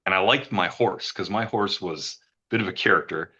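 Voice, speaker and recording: A man's voice: deep voice, moderate pace, sharp tone, breathy edge, highs cut off. A middle-aged man earnestly recounting a personal experience, rambling and repeating words when he gets emotional. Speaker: retreat guest giving a testimonial.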